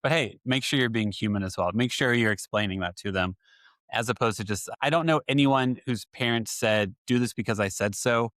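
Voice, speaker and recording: A man's voice: medium pitch, fairly quick, a bit bright, dry recording. A man in his thirties hosting a parenting podcast, sharing stories from home candidly and reflectively. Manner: candid, reflective, frequent "like" fillers. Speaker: podcast host, father. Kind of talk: conversational podcast interview.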